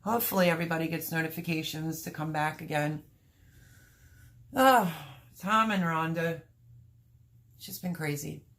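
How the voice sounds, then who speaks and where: Woman livestream host, gravelly, lower-pitched, apologetic and flustered, a bit choked up. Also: moderate pace, pauses often, a bit bright. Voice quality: rough, gravelly voice. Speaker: homestead channel host. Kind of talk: casual livestream chat.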